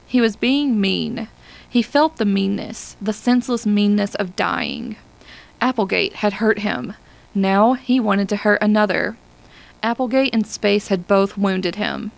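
Gravelly woman narrating a story. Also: mid-range voice, unhurried. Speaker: audiobook reader. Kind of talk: scripted narration.

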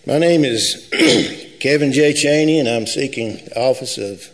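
A man's voice: medium pitch, a little slow. A man running for sheriff, speaking nervously and plainly at a live forum, with some hesitation. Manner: plain-spoken, a little hesitant with fillers. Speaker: sheriff candidate. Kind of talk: campaign speech at a forum. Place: high school forum hall.

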